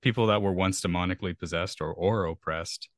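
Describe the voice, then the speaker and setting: Earnest deep-voiced man, rambling podcast talk. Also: fairly even intonation, a little fast, no echo. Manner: earnest, rambling with frequent restarts. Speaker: podcast co-host. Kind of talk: casual conversational discussion.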